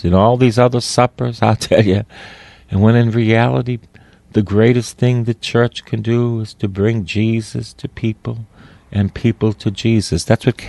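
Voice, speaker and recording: A man's voice: mid-range voice, vocal fry, a little mellow, no room sound. A man preaching a sermon, repeating phrases for emphasis and stretching out key words. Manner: repeats phrases for emphasis, rising on quoted lines; slow, drawn-out emphatic delivery.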